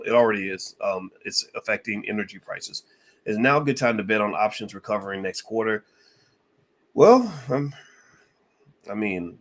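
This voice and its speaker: Low-voiced man answering live questions. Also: a little hiss or hum. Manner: relaxed, conversational, many fillers and restarts. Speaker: podcast host answering viewer questions. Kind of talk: casual live Q&A.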